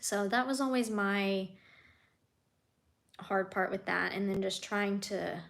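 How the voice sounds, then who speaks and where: Soft-spoken woman, heartfelt live chat. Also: mid-range voice, slow pace, gravelly. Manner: heartfelt, soft-spoken, often drops to a near whisper. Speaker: animal keeper and vlogger. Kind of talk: casual live-stream chat, reading comments.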